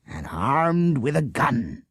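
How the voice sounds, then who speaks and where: A man's voice: mid-range voice, sing-song, takes it slowly, a bit bright, husky, no echo, studio quality, voice pushed up, exaggerated voice. A man voicing a suspicious, sarcastic policeman who keeps jeering "eh?" at the people he has cornered. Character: suspicious sarcastic village policeman, male, middle-aged.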